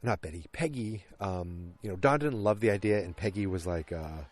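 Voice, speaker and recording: A man's voice: deep voice, normal speed. Male podcast host, casual solo recap, rambling and filler-heavy. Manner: rambling, chatty, many fillers.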